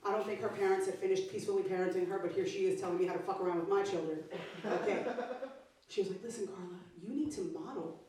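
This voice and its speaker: A woman's voice: mid-range voice, steady tone, fast, darkish tone. A woman comedian performing a stand-up set, with a brash, profane, punchy delivery. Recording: echoey club sound from far off.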